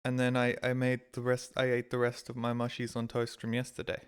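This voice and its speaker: A man's voice: monotone, fairly quick, clear, resonant tone. Rambling man streamer. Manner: rambling anecdotes, mimics his own past reactions with sudden high-pitched exasperation. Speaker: game streamer. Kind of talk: casual stream chat, storytelling.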